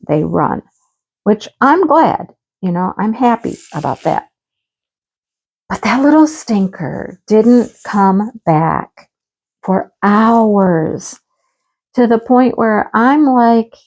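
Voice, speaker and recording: A woman's voice: medium pitch, a little mellow, lo-fi sound. Chatty woman telling a home story. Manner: chatty storytelling, acts out dialogue. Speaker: crafting channel host. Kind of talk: casual chat. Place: rural home.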